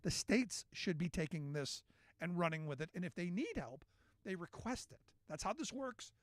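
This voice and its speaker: A man's voice: sits high, lively intonation, moderate pace, no room sound. A man hosting a talk radio show, delivering a sarcastic, indignant political monologue.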